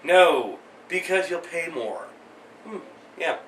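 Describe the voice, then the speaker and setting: A man in his late thirties ranting through his weekly commentary with sarcastic, exasperated jabs and jokey asides. His voice is bright and forward. It bounces around a small echoey room, picked up from a little way off the mic. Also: a little high, animated, takes it slowly, distant mic, a little hiss or hum. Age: 30s. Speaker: vlog host.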